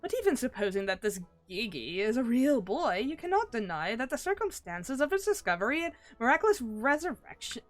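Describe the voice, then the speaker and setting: A woman's voice: a little high, big pitch swings, brisk, few pauses. Woman voices a stiff, formal male inquisitor; commanding and exasperated, with faint music behind. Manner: formal, commanding legal phrasing.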